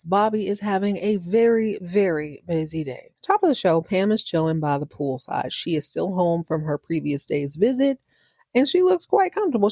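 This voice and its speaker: A woman hosting a TV recap podcast, animated and slangy with joking asides. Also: fairly low pitch, dry recording, clean studio sound. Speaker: podcast host. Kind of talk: TV episode recap.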